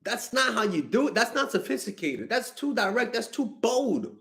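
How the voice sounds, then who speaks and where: A young man giving blunt, animated dating advice to fans in a casual stream, swearing freely and sounding exasperated. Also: extremely high pitch, normal speed. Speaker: dating coach answering fan questions.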